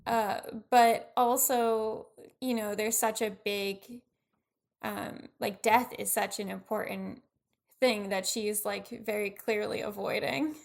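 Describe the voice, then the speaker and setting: A woman's voice: medium pitch, fairly even intonation, takes it slowly, vocal fry. A woman co-hosting a podcast in casual, chatty talk, full of "like" fillers and laughs. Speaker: podcast co-host. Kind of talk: casual pop-culture chat.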